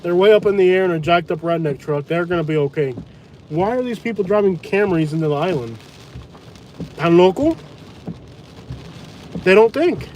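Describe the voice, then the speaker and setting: A man vlogging live from inside a truck during a hurricane, talking in a blunt, mocking, excitable way. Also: high-pitched, fast. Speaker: storm-chasing vlogger. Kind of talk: live storm commentary. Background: rain and wind.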